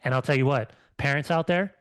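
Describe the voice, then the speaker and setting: A man's voice: medium pitch, a little fast, smooth, no echo. A middle-aged man, a former athlete co-hosting a podcast, talking in a fired-up way with many restarts. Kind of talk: casual podcast chat.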